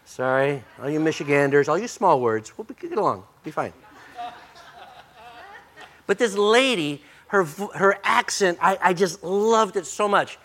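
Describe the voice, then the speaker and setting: An older man preaching a sermon as pastor, folksy and joking, his voice a little hoarse and breaking. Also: high-pitched, animated, a little slow, a bit bright.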